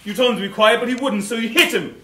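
Talking fast in a very high voice, a man hams it up as a bumbling police inspector with mock grandeur in an amateur comedy play. The theatrical, lively performance is captured from a distance in an echoey theatre hall.

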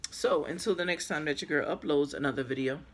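Female vlogger, hoarse from losing her voice, chatty unboxing talk to viewers, recorded on a tripod camera. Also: low-pitched, fast, background noise. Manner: chatty, addresses viewers as guys. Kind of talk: casual unboxing vlog. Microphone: camera on a small tripod.

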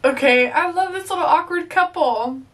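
A woman's voice: very high-pitched, moderate pace, fairly bright tone, distant mic, slight background noise. A young woman chatting playfully as she reacts to a movie, with joking asides. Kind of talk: casual reaction commentary.

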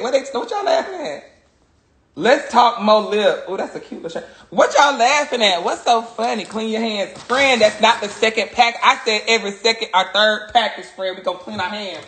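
A woman's voice: mid-range voice, a bit bright, roomy sound, slight background noise. Crude, joking woman on a livestream. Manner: crude, joking, laughs often. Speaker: social media personality. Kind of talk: casual livestream chat. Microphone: phone.

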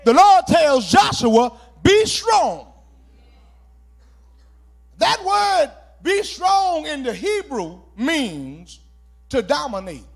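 A pastor preaching a sermon, calling for responses and shouting key words as he repeats phrases. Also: very high voice, very animated, slow pace, creaky.

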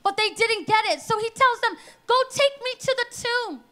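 A woman preaching a sermon at a church service, talking rapidly and emphatically and acting out the voices she quotes. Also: extremely high pitch, animated, a bit bright.

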